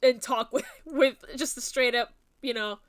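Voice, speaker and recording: Woman, young adult, New Jersey accent, casual streamer chat, rambling, giggly, high-pitched, clear voice. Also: a little slow. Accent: New Jersey / Philadelphia area. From New Jersey, USA. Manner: rambling, giggly, self-mocking.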